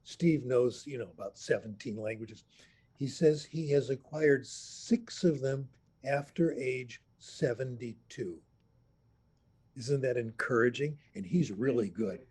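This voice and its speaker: A man in his eighties, a language professor telling anecdotes in an unhurried, storytelling way on a remote video call. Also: medium pitch, a little mellow, husky. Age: 80s. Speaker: language professor, interview guest. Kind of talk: storytelling interview answer. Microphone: computer mic on a video call.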